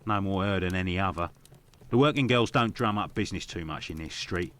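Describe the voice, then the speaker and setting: A man's voice: sits low, brisk, fairly bright tone. An actor playing a blunt, gossipy working-class barman in a video game. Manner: blunt, gossipy, rough-spoken.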